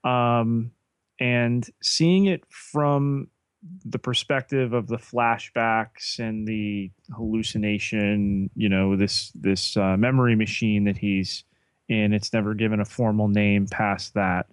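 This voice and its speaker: A man's voice: on the low side, fairly even intonation, clean tone, dry recording. A man co-hosting a podcast, casually walking through a TV episode's plot with frequent ums and uhs. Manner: unhurried plot summarizing with fillers. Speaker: podcast co-host.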